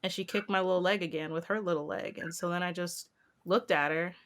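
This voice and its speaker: A young woman co-hosting a casual podcast, telling a funny family story and acting out the quotes in a high, animated voice. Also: brisk. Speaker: podcast co-host.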